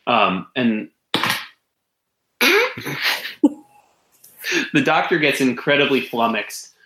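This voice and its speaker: A man running a tabletop game as game master, narrating in a relaxed, hesitant way with frequent pauses. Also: mid-range voice, roomy sound, rough recording.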